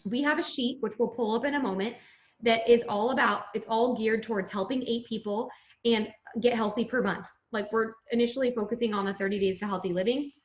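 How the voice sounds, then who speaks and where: Female business coach, encouraging, slightly high voice, muffled roomy recording. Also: a little fast. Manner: upbeat, encouraging, addresses "guys". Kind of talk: coaching call. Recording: echoey and dull.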